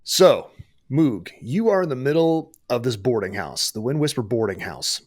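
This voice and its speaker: A man's voice: medium pitch, big pitch swings, normal speed. A man narrating as game master, in a playful, dramatic storytelling manner.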